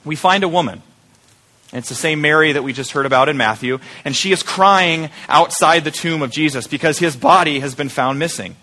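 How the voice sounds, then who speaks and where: Male pastor, bright ringing voice, higher pitch, conversational sermon, rhetorical questions. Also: a little fast. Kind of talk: Easter sermon.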